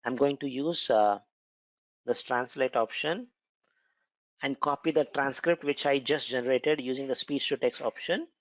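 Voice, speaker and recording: A man with an Indian accent gives a relaxed, chatty tech lesson at a middling pitch. His voice is dry and close, with a slightly dull, lo-fi tone. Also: moderate pace, no room sound. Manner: conversational, repeats words, frequent "uh" fillers. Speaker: cloud computing instructor. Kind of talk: explanatory tutorial lecture.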